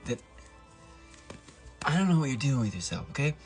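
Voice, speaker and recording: A young man rambling through a comic monologue to camera, fast and playful, recorded alone at home at night on a tripod camera. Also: mid-range voice, sing-song, darkish tone, faint music behind. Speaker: comedic vlogger.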